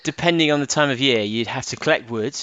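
A man co-hosting a podcast in casual chat, laughing often and swinging between high and low. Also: quick pace, very noisy. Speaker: podcast co-host.

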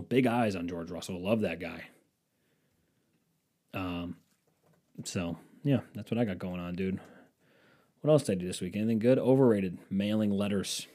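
A man's voice: lowish voice, dark tone. A man rambling casually as a podcast host, sarcastic and profane. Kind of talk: casual chat.

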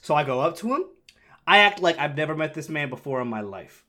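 A young man with an animated delivery, casually telling a story on a podcast, swearing freely and acting out the voices of the people in it. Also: fairly high pitch, a little fast. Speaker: podcast co-host.

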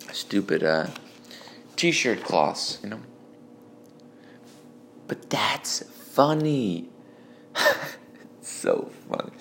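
A man's voice: lowish voice, vocal fry, slight background noise. A man alone with a phone voice memo, reading his old joke notes aloud, rambling, swearing and mocking himself. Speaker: amateur comedian.

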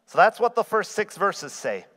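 A man with a somewhat high voice delivers a sermon to his congregation. He keeps asking them rhetorical questions. The sound carries the long reverb of a church hall. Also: sing-song, moderate pace, fairly bright tone. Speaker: pastor.

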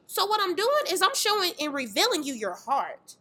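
A young woman, a fitness trainer sharing a candid faith testimony, telling it in a lively way with acted-out voices and exclamations. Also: extremely high pitch, moderate pace. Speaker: fitness trainer and dance tour organizer.

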